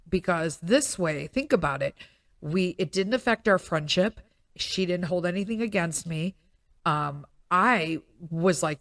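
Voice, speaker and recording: A podcast host in her thirties, crying, tells a personal story in a candid, emotional monologue, frequently near tears and using lots of fillers. Her voice is fairly low and gravelly, and she speaks unhurriedly. The recording is dry and studio quality.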